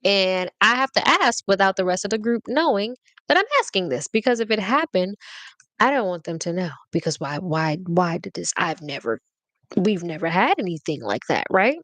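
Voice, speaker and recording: Animated woman podcast host spilling a story. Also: medium pitch, normal speed, dry recording. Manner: animated, slangy, keeps checking in with listeners. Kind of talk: casual confessional storytelling.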